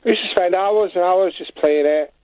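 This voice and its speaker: A man's voice: high voice, normal speed, no echo. A man with a Welsh accent calling into a radio show, easygoing and chatty. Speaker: caller. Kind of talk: radio phone-in call. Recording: dull phone line.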